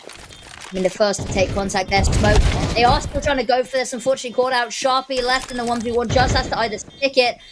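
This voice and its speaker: British lady casting a shooter match, kinda high voice, lively, gunfire noise behind. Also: a little fast. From United Kingdom. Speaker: esports caster. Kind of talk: live play-by-play commentary. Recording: noisy, with game gunfire behind. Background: game gunfire and clicks.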